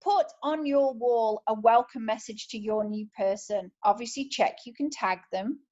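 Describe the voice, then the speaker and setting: A woman's voice: fairly high pitch, normal speed, mellow, dull audio. A woman with a British accent giving an enthusiastic, chatty motivational talk as a sales team leader. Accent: British English.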